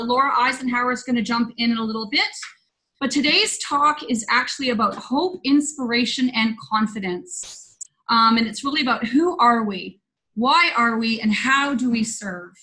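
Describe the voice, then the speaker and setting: A woman's voice: fairly high pitch, moderate pace, pushed and bright, low-quality recording. A woman hosting a spiritual roundtable over a video call, telling a story in an earnest, loose, conversational way. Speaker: host.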